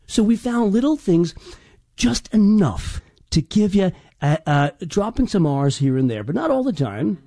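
A man who coaches dialects talks in a mellow, warm voice with a trace of an Irish accent. He stumbles and restarts often as he explains. The recording is dry and close. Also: high voice, big pitch swings, no room sound. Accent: partly Irish. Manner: halting, many restarts, slips into demo accents. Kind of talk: explanatory interview talk.

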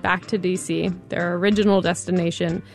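A woman's voice: on the low side, steady tone, a little fast, loud music behind the voice. A woman telling a story to a radio host in a casual, chatty way, often saying "like". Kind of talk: conversational storytelling.

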